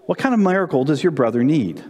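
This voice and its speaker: A man doing a kind gentle doctor. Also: fairly high pitch, sing-song, fast, big-room sound. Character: kind, well-dressed middle-aged male doctor.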